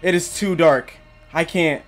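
A man's voice: a little high, unhurried, faint music behind. A young man commentating a horror game as he plays it, jittery and panicky, talking to himself and his viewers. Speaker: gaming YouTuber.

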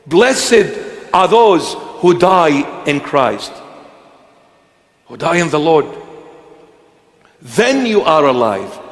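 A man preaching a sermon in an emphatic, repetitive cadence. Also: fairly high pitch. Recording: echoey hall with long reverb.

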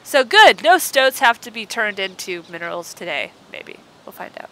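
A woman's voice: mid-range voice, very animated, normal speed, few pauses, sharp tone, poor audio. A woman hosting a let's play, giving bubbly, chatty commentary and talking to the game as she plays. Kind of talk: casual gameplay commentary.

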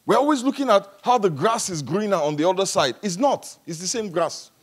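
High-voiced pastor preaching a sermon. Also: male voice, fairly quick, husky. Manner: animated and humorous, swings between quiet and loud. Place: church service.

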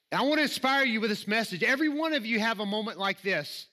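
A man's voice: high voice, animated, fast talker, hardly any pauses, pushed and bright. A man from Alabama with a Southern accent, preaching a conversational sermon in a church and reading scripture with rising emphasis. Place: church sanctuary.

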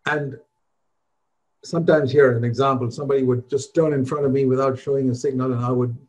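Older male preacher, mellow earnest voice. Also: medium pitch, steady tone, brisk, lo-fi sound. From India. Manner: earnest, conversational preaching with rising emphasis. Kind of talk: sermon.

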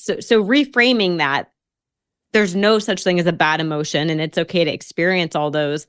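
A woman's voice: medium pitch, moderate pace, a bit bright, clear, resonant tone, no room sound, clean studio sound. A woman guest on a podcast, telling a personal story casually and acting out her own quotes.

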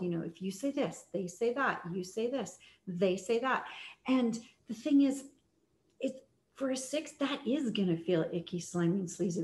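A chatty woman coaching on selling, talking loosely with lots of fillers and restarts. Her voice sits in a middle pitch. The room around her is echoey. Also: darkish tone. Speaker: sales coach. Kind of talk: casual teaching talk.

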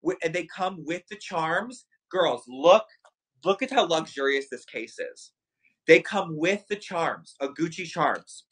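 Bright, excitable livestream shopping host man. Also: a little high, a little slow, slightly rough, rough recording. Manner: excitable, hyping products to viewers. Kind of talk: live sales stream chat.

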